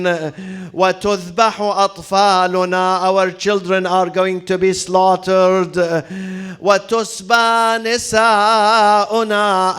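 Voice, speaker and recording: A male preacher telling a story in a mourning sermon, dramatic and building to loud lamenting cries, with recited Arabic mixed into his English. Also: sits high, smooth.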